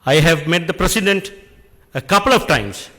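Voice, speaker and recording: A middle-aged man, giving an earnest, deliberate speech at an industry function and posing rhetorical questions. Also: fairly high pitch, animated, pushed and bright, big-room sound. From Sri Lanka. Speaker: public speaker addressing an industry function. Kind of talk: speech at an event. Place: function hall.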